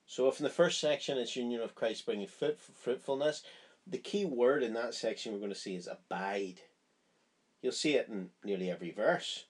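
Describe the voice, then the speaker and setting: A man's voice: mid-range voice, normal speed, slightly rough. A man giving a Bible study, explaining a chapter in an earnest, conversational way. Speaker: Bible teacher.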